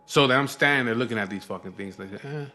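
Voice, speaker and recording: Male vlogger, lowish voice, rambling and profane, exasperated casual storytelling. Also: fast talker, bright, forceful tone.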